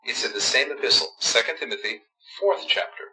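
A man who is an Orthodox priest, giving a sermon with lively storytelling and quoted dialogue. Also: medium pitch, fairly quick, husky, faint music behind, rough recording.

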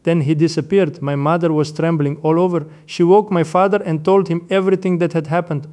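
Older monk giving a sermon, kinda high voice, slow reverent storytelling. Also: male voice, fairly even intonation, a little mellow. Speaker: Orthodox monk.

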